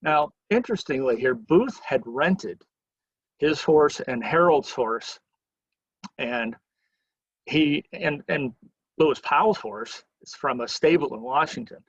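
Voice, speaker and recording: A man with a husky, slightly raspy voice leads a history lecture like a lively story, sometimes slipping into the people he quotes. The sound is dry and close, with a dull, slightly muffled tone. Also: on the high side, slow pace, no echo. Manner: lively storyteller who acts out quoted lines. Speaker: museum educator giving a history lecture.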